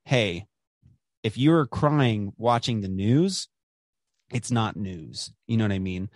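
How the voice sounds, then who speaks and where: A man's voice: fairly low pitch, expressive, slow, dry recording. A man hosting a podcast, talking casually and rambling with many fillers and restarts, swearing now and then. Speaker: podcast host. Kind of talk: casual conversation.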